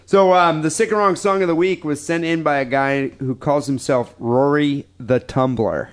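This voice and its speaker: A man's voice: a little high, normal speed, clear, resonant tone. A man hosting a podcast, reading listener emails aloud with crude, profane, joking banter. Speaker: podcast host.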